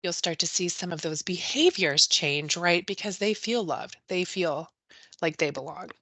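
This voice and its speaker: Reading the chat and calling on attendees by name, this woman leads a live webinar about early childhood education, frequently tacking a questioning "right?" onto her sentences. Her voice is fairly low and sharp, her pace measured, and the recording is dry.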